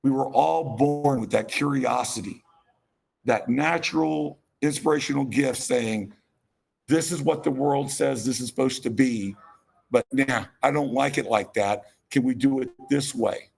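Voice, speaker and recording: A man's voice: mid-range voice, unhurried, darkish tone. A man giving a passionate, rambling conference keynote with self-deprecating asides. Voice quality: gravelly, husky. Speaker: keynote speaker.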